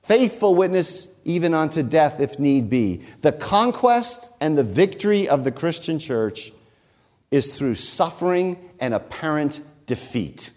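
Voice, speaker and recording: A man preaching a sermon, who slows down and stresses key phrases. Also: fairly high pitch, very animated, a little mellow. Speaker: pastor.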